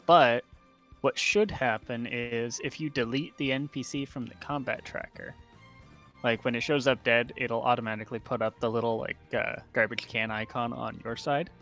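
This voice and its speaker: A man's voice: mid-range voice, fairly even intonation, normal speed, fairly bright tone, faint music behind. A man on a voice call, patiently walking a friend through a game tool, with lots of "like" and "uh" fillers. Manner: explaining patiently, with many fillers. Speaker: player helping with game software. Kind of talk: casual explanation.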